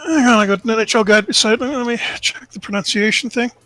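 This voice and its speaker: A man's voice: high voice, fast, pushed and bright, faint music behind. A man co-hosting a game stream, adding short agreeing remarks and comments. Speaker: co-host. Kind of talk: casual chat.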